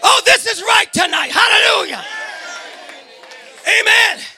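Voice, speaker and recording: A man preaching a fervent sermon to a congregation in a church, shouting his words and breaking into hallelujahs and amens. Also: very high voice, lively intonation, unhurried, creaky, some chatter behind. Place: church sanctuary before a congregation.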